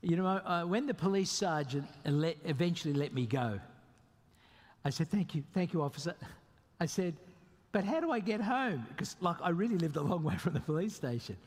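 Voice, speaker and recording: A fairly high-voiced man preaching to a congregation, emphatic and animated, his voice swinging sharply up for emphasis. A long hall reverb trails after his words. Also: moderate pace. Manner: animated, emphatic preaching with sudden pitch jumps. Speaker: pastor. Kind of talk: sermon.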